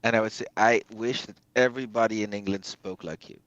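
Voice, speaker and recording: A man of middle pitch gives blunt, opinionated views, often pausing on fillers. His voice is recorded close and dry, with no room sound. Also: fairly even intonation, fairly bright tone, no room sound, lo-fi sound. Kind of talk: casual conversation.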